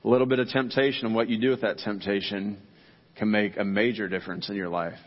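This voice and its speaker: A man's voice: lowish voice, steady tone, quick pace. A middle-aged man preaching a sermon to his congregation in a casual, joking way, talking straight to the people. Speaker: pastor. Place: church sanctuary. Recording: dull sound with long church reverb.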